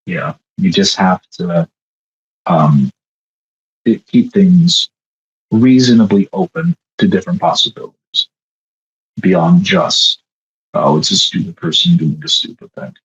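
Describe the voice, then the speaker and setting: A man in a casual roundtable discussion, speaking in a measured way with hesitant fillers. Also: low-pitched, husky, highs cut off. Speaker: roundtable participant.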